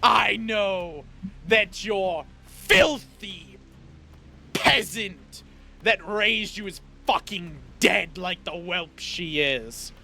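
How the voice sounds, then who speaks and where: Man playing a booming, scornful tyrant father for a tabletop game; high, shouted, gravelly menace. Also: animated, faint music behind, full character voice. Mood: furious. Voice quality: booming, echoing. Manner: shouting insults, slow and menacing.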